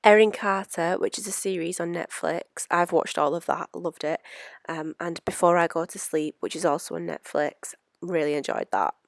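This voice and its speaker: A woman's voice: lowish voice, steady tone, normal speed, vocal fry, no room sound, studio quality. A young woman adding a self-mocking, chatty voice-over aside to her vlog. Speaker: vlogger.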